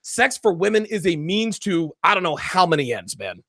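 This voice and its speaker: A man's voice: high-pitched, moderate pace, no echo, studio quality. A man hosting a casual podcast conversation, telling blunt, profane stories. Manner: animated, profane storytelling. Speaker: podcast host.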